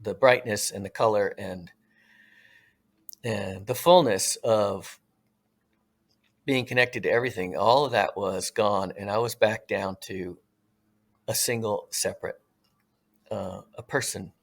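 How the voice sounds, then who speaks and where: Brief: middle-aged SoCal man, retired firefighter, low-pitched, earnest and reflective storyteller. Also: creaky. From Southern California. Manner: earnest, reflective, with slow drawn-out phrases. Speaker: podcast guest, retired firefighter. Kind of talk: casual storytelling.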